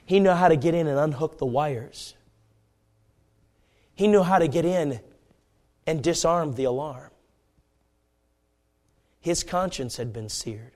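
A man preaching a fiery sermon, dropping to hushed murmurs and then shouting pleas as he acts out the story. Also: fairly high pitch. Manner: acts out Bible characters with voices.

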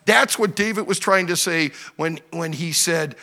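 A middle-aged man preaching a sermon in a church, swinging from loud exhorting to quiet storytelling. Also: fairly high pitch, normal speed, few pauses.

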